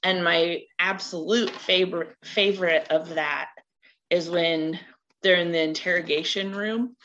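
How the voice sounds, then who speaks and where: A woman speaks slowly and hesitantly in a lowish voice. Her dull, lo-fi line carries faint hiss and a few clicks. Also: fairly even intonation, fairly bright tone. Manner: slow and hesitant, uses "um" a lot. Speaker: podcast guest. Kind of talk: casual chat.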